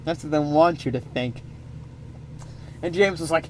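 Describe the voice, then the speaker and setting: A man's voice: sits high, fairly quick, darkish tone. A man improvising a comic story, rambling with playful asides.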